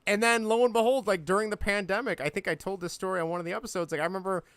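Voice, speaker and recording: A man's voice: high voice, steady tone, rapid-fire, a bit bright, smooth, no room sound. A young adult man co-hosting a podcast, chatting casually and telling stories about watching movies. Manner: chatty, storytelling. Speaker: podcast co-host.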